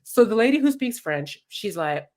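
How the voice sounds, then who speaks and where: A woman's voice: mid-range voice, normal speed. A woman hosting a podcast, telling a story in casual, slangy chat. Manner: animated, slangy, acts out quotes. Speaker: podcast host.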